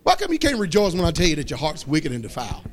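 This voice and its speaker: Pastor guy preaching hard, high voice that jumps all over, slow shouted scripture. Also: wildly swooping pitch. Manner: fiery preaching, shouts scripture slowly, asks the congregation questions. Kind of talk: sermon.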